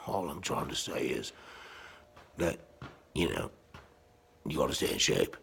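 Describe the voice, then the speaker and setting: A man in his fifties telling crude, boastful stories in a casual vlog monologue while walking around his home gym. He swings between loud bursts and low mutters. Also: sing-song, unhurried, vocal fry, long pauses, a little hiss or hum. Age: 50s. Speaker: vlogger.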